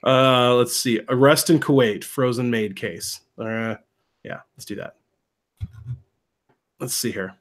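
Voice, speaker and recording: A man's voice: medium pitch, slow pace, long pauses. A young man hosting a casual livestream, rambling with many fillers and frequent laughter, talking into a computer mic. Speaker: livestream host. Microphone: computer mic, mutes while typing.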